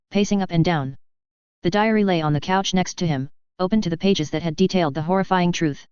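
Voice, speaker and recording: A woman reading fan fiction aloud as narrator in a steady, even manner, on a dull lo-fi recording. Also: fairly low pitch, smooth, no room sound.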